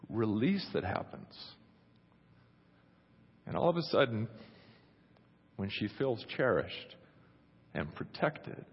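A middle-aged male pastor with a lowish, slightly rough voice preaches a sermon in a chatty, humorous style, acting out little quotes. The recording is dull, with a long hall reverb.

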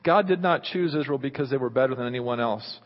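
Impassioned pastor in an echoing sanctuary. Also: male voice, mid-range voice, a little fast. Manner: impassioned, rising loud then dropping to near whispers. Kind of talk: sermon. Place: church sanctuary. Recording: muffled reverberant hall recording.

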